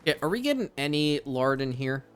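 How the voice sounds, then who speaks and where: A man's voice: medium pitch, sing-song, a little fast, faint music behind. A man hosting a strategy game let's play, thinking aloud and swearing casually as he plays. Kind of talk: casual gameplay commentary.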